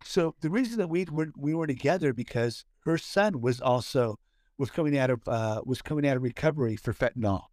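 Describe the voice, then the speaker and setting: Man co-hosting a podcast, halting delivery. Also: mid-range voice, a little mellow, no echo, clean studio sound. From Southern California. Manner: halting, many fillers and restarts. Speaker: podcast co-host. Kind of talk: casual chat.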